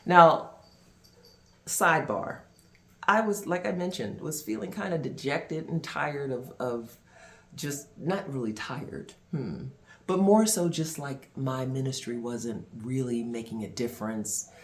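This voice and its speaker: A man vlogger and minister telling a personal story to camera, with dramatic pauses and expressive delivery. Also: mid-range voice.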